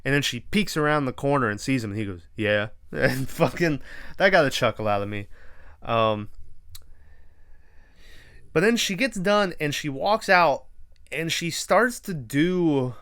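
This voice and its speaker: A man's voice: fairly high pitch, lively intonation, unhurried, pauses often, a bit bright. A young man hosting a podcast, casually recapping a horror movie in a rambling, profane way and acting out the characters' lines. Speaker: podcast host.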